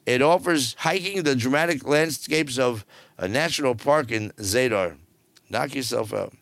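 A man's voice: mid-range voice, unhurried, a bit bright, no room sound. A middle-aged man giving casual cruise news commentary, with wry, sarcastic asides. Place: on board a cruise ship.

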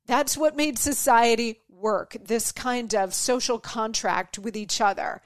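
A woman's voice: fairly high pitch, a little slow, no room sound, clean studio sound. A woman hosting her own podcast, ranting with exasperation and acting out mocking quoted voices. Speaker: podcast host. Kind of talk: opinion monologue.

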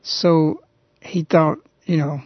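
A man hosting a radio talk show, earnestly retelling a story in a halting, conversational way. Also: on the high side, steady tone, no echo. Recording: dull, lo-fi radio recording.

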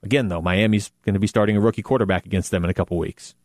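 A man's voice: lowish voice, steady tone, very fast, darkish tone, no room sound, studio quality. A man hosting a sports talk show, chatting casually and animatedly about a football team's playoff chances with self-deprecating asides. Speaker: sports radio host.

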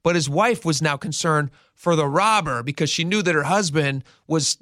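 A man's voice: a little high, normal speed, no room sound, studio quality. A radio show host telling a news story in casual talk, acting out the quotes as he goes. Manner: animated storyteller, acts out quotes.

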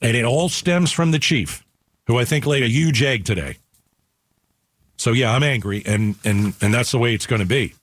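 A man's voice: medium pitch, normal speed, no echo. A man hosting a radio talk show from Arizona, speaking angrily and emphatically and repeating his points. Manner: angry, emphatic, repeats himself.

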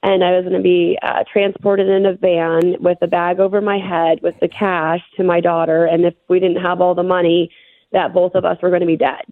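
A middle-aged woman being interviewed, recounting a frightening experience in a shaken, halting way with many fillers. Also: on the low side, level tone, no echo. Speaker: interview guest. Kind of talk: telling a personal story. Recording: phone-line interview audio.

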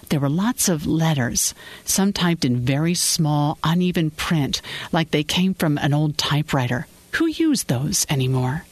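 An audiobook narrator reading a story in a measured storytelling way, close to the mic. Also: medium pitch, dry recording. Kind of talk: scripted narration.

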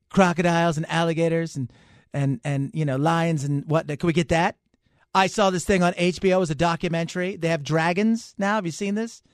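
A man's voice: on the high side, no room sound, studio quality, close to an everyday voice. A male radio host doing a comic impression of a blustering president who rambles and repeats himself. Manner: rambling, excitable, repeats itself. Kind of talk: talk radio comedy bit.

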